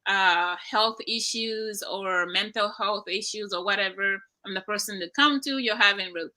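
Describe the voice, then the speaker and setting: A woman's voice: mid-range voice, normal speed, rough recording. A young woman from Nigeria in her twenties, a guest speaking earnestly and prayerfully about her own story over a remote call. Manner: earnest, prayerful, soft-spoken with brief laughs. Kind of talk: emotional personal testimony.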